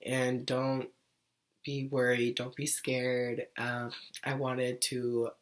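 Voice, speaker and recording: A woman's voice: rumbling low, level tone, takes it slowly. A young woman talking earnestly to camera in a casual vlog, rambling with lots of "like" fillers. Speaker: vlogger sharing her own illness story. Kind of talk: casual heartfelt vlog talk.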